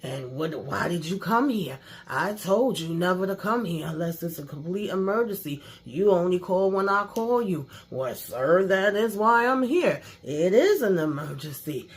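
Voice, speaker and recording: A woman voicing a slow, stiff-talking powerful older man in a drawn-out, ponderous way. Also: fairly low pitch, lively intonation, pitched below the performer's own voice. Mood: mocking.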